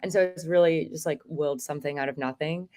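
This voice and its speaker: A woman's voice: low voice, fast talker, mellow. A woman organizing an event, talking casually with many fillers on a podcast. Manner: chatty, lots of fillers.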